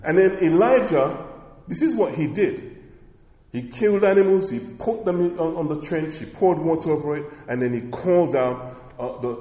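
A man's voice: a little high, expressive, moderate pace, mellow, roomy sound, in a large hall. A man preaching a sermon as pastor, emphatic and repetitive, with many rhetorical questions to the congregation.

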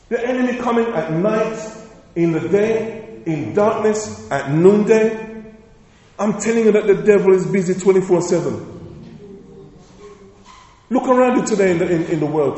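A male pastor preaches a sermon in a church sanctuary, using emphatic declarations, repeated phrases, and rhetorical questions. His voice is high-pitched and a little mellow, and the recording echoes with the long reverb of the church hall.

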